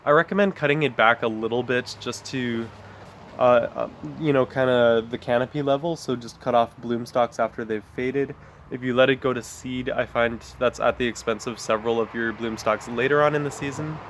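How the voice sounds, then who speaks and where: A man's voice: mid-range voice, fairly even intonation, normal speed, fairly bright tone, a little hiss or hum. A man in a backyard garden, giving a casual, rambling vlog with lots of fillers and friendly asides. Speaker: gardening vlogger. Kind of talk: casual outdoor plant talk.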